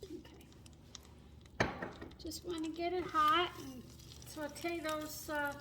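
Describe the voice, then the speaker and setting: A woman's voice: sits high, flat delivery, drawn-out words, noisy background. A middle-aged woman chatting casually through a home cooking video in her kitchen, laughing often and apologizing as she goes, filming on a phone. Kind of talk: casual cooking vlog chat. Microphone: phone camera held and turned while cooking. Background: pet bird chirping faintly.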